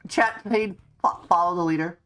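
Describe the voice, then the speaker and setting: Young woman, livestream gamer, low-pitched, casual chatter, giggly, desk mic, faint music behind. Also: moderate pace, a bit bright, smooth. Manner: chatty, giggly, eats while talking. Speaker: streamer. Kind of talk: casual livestream chat while gaming. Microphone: desk mic, no face cam.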